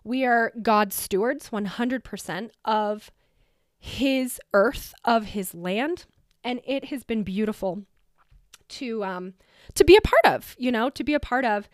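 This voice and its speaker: A woman in her thirties from the United States hosts a personal podcast, recorded close and dry. Her voice sits a bit high. She talks in a chatty, emotional stream full of "like" and small restarts. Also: slow pace, no echo. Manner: chatty, emotional, heavy use of "like". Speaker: podcast host. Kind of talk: personal storytelling.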